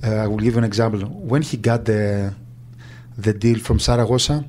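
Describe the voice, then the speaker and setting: Hesitant man, soft and mellow. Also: lowish voice, slight background noise. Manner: halting, with frequent restarts and fillers. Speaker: agent. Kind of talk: recounting memories in an interview.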